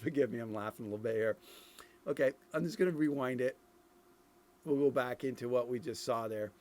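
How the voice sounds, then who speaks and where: A man's voice: mid-range voice, a little fast, a little mellow. A middle-aged man from Ireland giving casual commentary on game footage, thinking aloud with many fillers and restarts. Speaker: streamer reviewing game dev footage.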